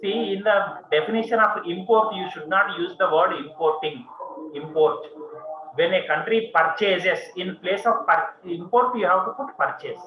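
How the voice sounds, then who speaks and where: A man's voice: sits high, background noise. A man with an Indian English accent lecturing a classroom on commerce, repeating points and checking in with "okay" and "see". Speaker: commerce teacher. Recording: muffled classroom recording with students.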